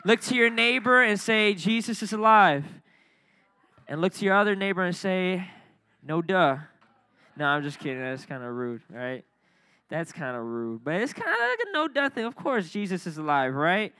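A man's voice: high-pitched, normal speed, clean tone, no room sound. A young man, a youth director, preaching a casual, joking youth sermon and drawing the crowd into call and response. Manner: energetic, joking, talks with the crowd.

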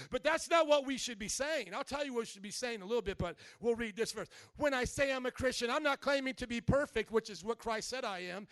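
A married man preaching a sermon, animated, swinging from quiet reasoning to loud shouting and playful mock voices. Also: extremely high pitch, fairly quick, hardly any pauses, dry recording. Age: adult, married. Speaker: pastor.

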